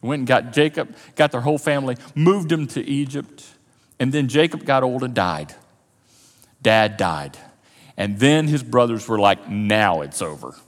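A man preaching a sermon, telling a story with lively animation and acting out the characters' lines. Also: mid-range voice, normal speed, big-room sound. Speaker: pastor. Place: church auditorium.

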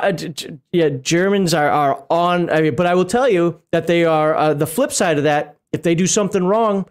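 A man's voice: fairly high pitch, a little mellow. A man co-hosting a casual talk show, reading lore aloud and rambling into asides with frequent laughs. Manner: rambling, stops to laugh and comment. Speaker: podcast co-host reading game lore.

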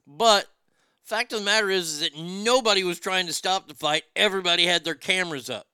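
A man spins crude comic stories with a blunt, profane drawl. His voice is bright and smooth, a little higher than most men's. The recording is close and dry. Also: brisk, no echo. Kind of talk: casual comedic storytelling.

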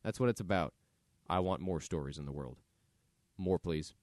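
A man's voice: low voice, normal speed, a little mellow, no room sound, clean studio sound. A man hosting his own podcast, talking casually and thinking aloud with fillers. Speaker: podcast host. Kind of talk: casual solo podcast monologue.

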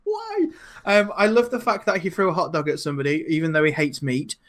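A man's voice: fairly high pitch, fast talker. A man co-hosting a casual podcast, recapping shows and often breaking into laughter. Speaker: podcast co-host. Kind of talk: casual chat.

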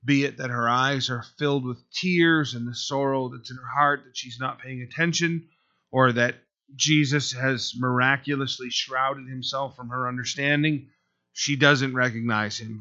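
A man preaching an expository sermon as a pastor, speaking earnestly and conversationally, pausing often as he works through the passage. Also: medium pitch, steady tone, sharp tone, muffled recording.

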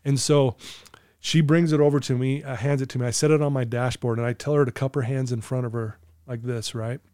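Mellow-voiced man telling his story. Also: medium pitch, flat delivery, fairly quick, no room sound, studio quality. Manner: earnest, emotional storyteller who laughs easily. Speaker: recovery coach and podcast guest. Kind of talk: personal storytelling in a podcast interview.

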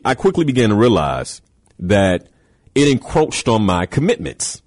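Male host, husky, lively pitch swings, preachy motivational delivery. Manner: emphatic, repeats key words, rhetorical questions. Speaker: show host giving motivational talk. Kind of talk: motivational talk.

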